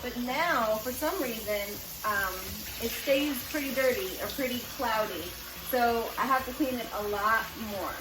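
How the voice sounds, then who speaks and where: Middle-aged mom home cook, slightly high voice, echoey kitchen with music playing underneath. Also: female voice, measured pace, background noise. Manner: chatty, explains each step plainly. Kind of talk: casual cooking demonstration. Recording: echoey room with background music.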